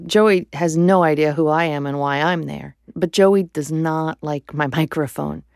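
A woman narrating a radio story in a relaxed storytelling manner. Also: low voice, measured pace, vocal fry, no room sound, clean studio sound. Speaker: reporter, narrator. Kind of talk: scripted narration.

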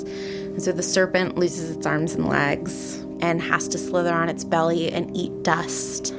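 Young woman guest, chatty storyteller, gravelly, low-ish voice. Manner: chatty, retelling with voiced quotes and frequent likes. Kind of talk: casual storytelling.

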